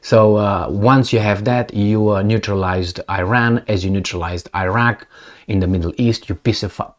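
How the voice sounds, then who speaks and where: A man's voice: fairly low pitch, fairly even intonation, normal speed. A man giving casual, sarcastic commentary on news clips, with many fillers and restarts.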